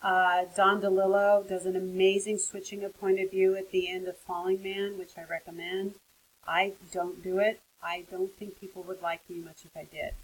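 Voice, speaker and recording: A woman's voice: medium pitch, flat delivery, moderate pace, slight background noise, low-quality recording. A woman teaching a recorded lecture on fiction writing, speaking conversationally with many fillers and frank asides.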